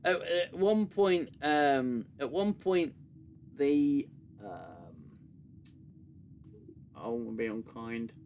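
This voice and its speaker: A man's voice: mid-range voice, animated, drawn-out words, vocal fry, long pauses, a little mellow, lo-fi sound, slight background noise. Sarcastic man ranting casually. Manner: sarcastic, exasperated, restarts often. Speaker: podcast host. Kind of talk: casual review chat.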